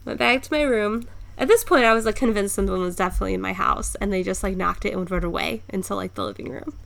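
A woman's voice: mid-range voice, fast talker, vocal fry, a bit bright. A woman co-hosting a podcast, telling a story in casual chat with lots of fillers and laughs. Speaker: podcast co-host.

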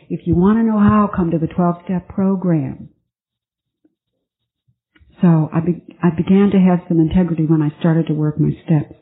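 A woman sharing her recovery story at a twelve-step meeting, earnest and halting with many restarts. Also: mid-range voice. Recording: tinny phone-like conference tape.

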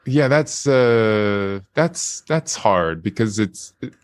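A man's voice: fairly low pitch, animated, slow, smooth, no room sound. A man guest voice actor in a casual interview chat, laughing often and speaking hesitantly with many fillers.

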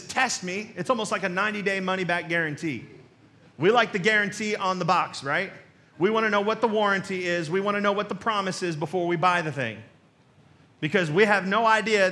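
Male pastor, high-pitched and sharp-toned, preaching conversationally with jokey asides and repeated punchlines. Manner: conversational, with joking asides and rhetorical questions; emphatic, repeats key phrases. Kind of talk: sermon.

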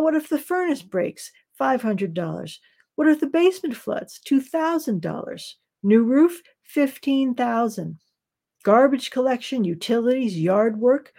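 Gruff bitter old fisherman, coarse and lecturing, in a mellow, low-key read, voiced by a woman author. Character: gruff bitter older male fisherman, storyteller.

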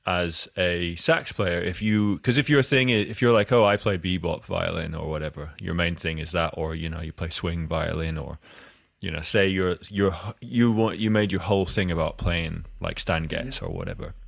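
A man's voice: sits low, animated, normal speed, gravelly, hardly any pauses, no room sound, studio quality. A Scottish man hosting a podcast interview, talking in a loose, rambling way with many restarts. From Scotland. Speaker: podcast host. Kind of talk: casual interview chat.

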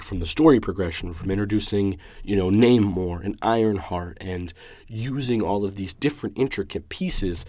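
Young man, low voice, casual solo film review, gushing, rambling, dry close sound. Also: a little mellow, no room sound. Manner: enthusiastic, emotional, rambling with restarts. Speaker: podcast host reviewing a film.

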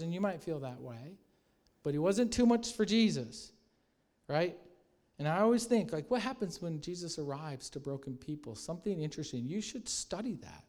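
A man preaching a sermon with animated storytelling, growing soft and hushed at reverent moments. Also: fairly high pitch. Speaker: pastor.

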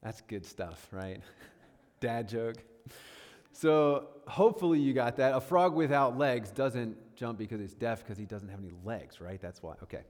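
A man's voice: mid-range voice, lively intonation, a little slow, a little mellow. A man in his thirties giving a casual sermon-style talk as a guest speaker, chatty and self-deprecating, often checking in with listeners. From northern New York State. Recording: long hall reverb.

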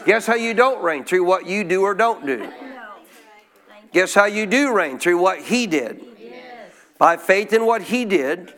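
With long pauses and an unhurried delivery, a male pastor preaches in a high, fairly bright voice with lively intonation. His emphatic style is call-and-response, quizzing the congregation and having them repeat after him.

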